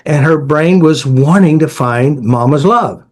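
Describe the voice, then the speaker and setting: A man's voice: a little high, a little slow. A man working as an emotional therapy coach, explaining his ideas through client stories in a direct, repetitive way. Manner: direct, repetitive, lists ideas in short bursts.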